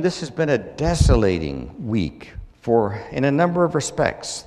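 A man preaching a sermon as pastor, measured and earnest, his phrases falling at the ends. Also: on the low side, darkish tone, big-room sound.

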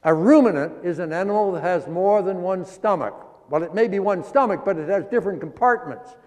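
A man preaching a sermon, explaining scripture line by line in a folksy, teaching way and slowing down to stress the verses. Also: high voice, darkish tone, big-room sound. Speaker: pastor.

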